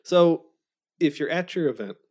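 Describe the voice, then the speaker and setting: Steady advice-giving podcast co-host. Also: mid-range voice, normal speed. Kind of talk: casual chat.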